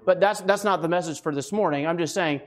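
A man's voice: fairly high pitch, quick pace. Man preaching, from the us, casual sermon, keeps asking the crowd "right?", slightly winded. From United States. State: a bit winded. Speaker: guest preacher.

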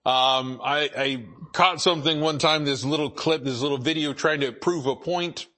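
A man preaching a sermon as pastor, halting with many repeated words and filler sounds. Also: fairly high pitch, sharp tone.

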